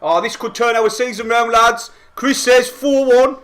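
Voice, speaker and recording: Young lad with a high voice, streaming live football reactions and swinging between yells and quiet chat-reading. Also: male voice, a little slow. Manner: excitable, shouting and swearing at goals, then quietly reading chat.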